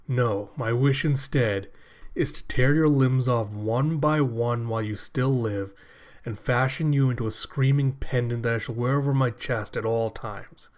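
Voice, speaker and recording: A man doing a slow booming cyborg villain. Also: close to an everyday voice. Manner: slow, booming, cackling threats. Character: gloating monstrous male cyborg villain.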